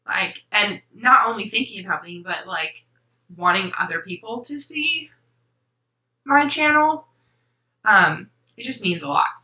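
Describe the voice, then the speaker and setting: Bright, chatty woman in an echoey room. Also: medium pitch. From Florida. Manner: chatty, sentimental, rambling with many ums. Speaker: cross-stitch vlog host. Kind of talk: casual chat to camera.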